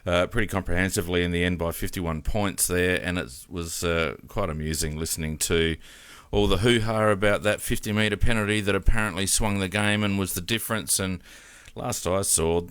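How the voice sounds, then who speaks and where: A very low-voiced Australian man runs a casual footy chat and gives blunt opinions between plenty of ums and uhs. His voice sits close and dry on the mic, with no room sound at all. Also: fairly even intonation, moderate pace, few pauses, a bit bright, smooth, dry recording. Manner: opinionated, hesitant with many fillers. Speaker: podcast host.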